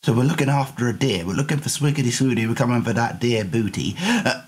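A young man streaming a game with commentary, hoarse from illness, goofy and quick to shrill yelps.

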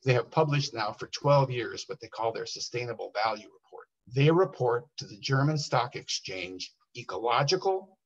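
A man speaking at a workshop, telling a story with animated bursts when he quotes people. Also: medium pitch, normal speed, hardly any pauses. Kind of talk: storytelling talk. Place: workshop room. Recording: dull lo-fi workshop recording.

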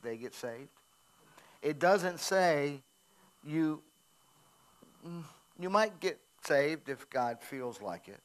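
An American man, a pastor, preaching a sermon in a church, repeating key phrases and sinking his voice low for emphasis. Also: fairly bright tone. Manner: conversational preaching, emphatic repeats, drops to near whisper. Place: church sanctuary.

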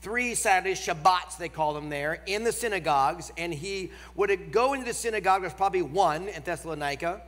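A man with a nasal voice and a Northern American accent, preaching a sermon with emphasis, slowing down for key phrases. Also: high-pitched, a bit bright. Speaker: guest preacher. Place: large church auditorium. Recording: long hall reverb.

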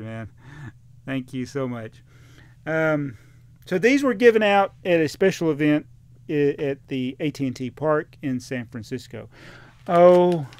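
A man's voice: fairly high pitch, a bit bright. A man venting about damaged packaging while unboxing toys, chatty and exasperated, reading viewer comments aloud. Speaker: toy collector vlogger. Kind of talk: casual unboxing rant.

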